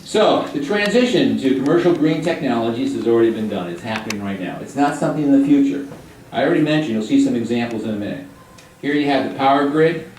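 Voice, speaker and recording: A man's voice: mid-range voice, lively intonation, quick pace, darkish tone, slight background noise. Older man lecturing in an echoey hall. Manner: chatty, jokey, quizzes the audience. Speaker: guest lecturer. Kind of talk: classroom lecture with questions to students. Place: high school hall or classroom. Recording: echoey room, mic at a distance.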